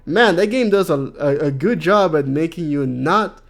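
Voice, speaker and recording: A man's voice: on the high side, animated, moderate pace, gravelly. A man chatting casually on a game stream, rambling and joking and reading out chat messages. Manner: rambling, jokey, reads chat aloud.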